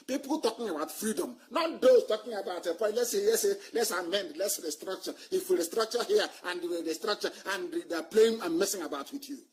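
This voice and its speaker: A man giving an impassioned live broadcast address as a movement leader, fiery and scornful, swinging between loud outbursts and low muttering.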